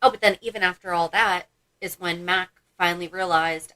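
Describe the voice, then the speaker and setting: A woman co-hosting a fan podcast in casual chat, animated and laughing often as she recaps scenes. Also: on the low side, moderate pace. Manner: animated, laughs often, acts out quotes from episodes. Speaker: podcast co-host.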